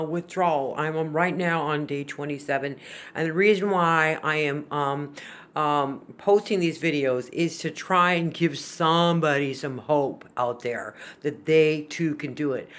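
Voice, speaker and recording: A woman's voice: low voice, a bit bright. Frank, earnest woman talking straight to camera. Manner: frank, earnest and blunt, with many fillers. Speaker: vlogger sharing her recovery. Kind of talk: casual direct-to-camera talk.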